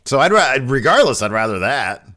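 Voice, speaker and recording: A man's voice: medium pitch, sing-song, normal speed, pushed and bright. A man co-hosting a casual live show, reading viewer questions aloud and laughing often. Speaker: podcast co-host reading chat questions. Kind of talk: casual chat.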